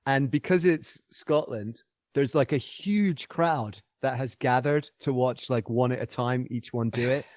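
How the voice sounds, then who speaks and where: A man's voice: mid-range voice, measured pace, darkish tone, no echo. A man guest on a podcast interview, telling a travel story in an enthusiastic, rambling way with many fillers and restarts.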